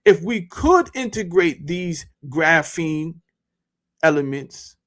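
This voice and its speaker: A man talking casually to his viewers as a YouTuber, animated and full of rhetorical questions and slang. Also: on the high side, slow pace. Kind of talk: casual monologue to camera.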